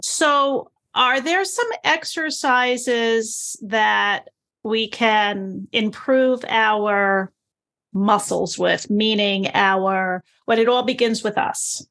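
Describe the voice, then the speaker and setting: Slow-talking woman host, higher voice. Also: fairly bright tone. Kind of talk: casual podcast chat.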